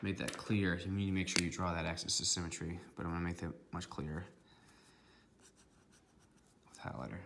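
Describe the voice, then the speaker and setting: A man's voice: deep voice, steady tone, fairly quick, pauses often, background noise. A man teaching a recorded math lesson, walking through each step methodically and checking in with "okay" along the way.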